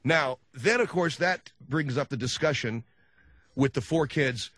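Animated sardonic male storyteller. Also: fairly high pitch, fairly quick, no room sound. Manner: animated, sardonic, dark humor. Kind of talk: comic storytelling monologue.

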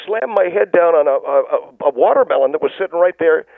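Man doing a high, gravelly-voiced caller, stammering and indignant, who keeps telling how he got attacked over not wearing a mask. He comes through a tinny, dry phone line. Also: animated, a little fast, no room sound. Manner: rambling, stammering restarts, whiny disbelief. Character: indignant middle-aged male caller who refuses masks.

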